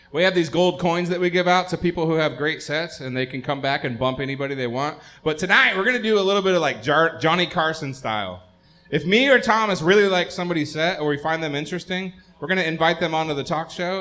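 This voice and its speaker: A man's voice: fairly high pitch, a bit bright. A man hosting a live comedy show, crude and joking in a loose, unplanned way. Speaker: host.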